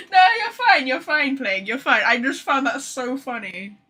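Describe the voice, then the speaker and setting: A woman's voice: high voice, sing-song, unhurried, bright, forceful tone, husky. A young British woman chatting casually on a game stream, laughing easily and reacting aloud. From Britain. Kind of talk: casual live-stream chat.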